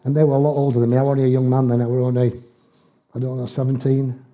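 Older preacher, dark voice. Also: male voice, mid-range voice, flat delivery, racing. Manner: folksy storytelling with dialect and chuckles. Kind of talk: sermon.

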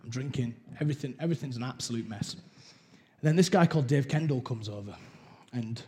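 A young man candidly sharing his personal testimony in a conversational way, with halting restarts. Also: mid-range voice, mellow.

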